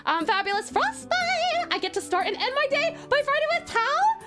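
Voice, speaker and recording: Greeting each viewer in turn, this Australian streamer is bubbly, doting and affectionate in her casual live-stream chat while faint music plays. She speaks at a normal speed in a very high-pitched, very animated voice.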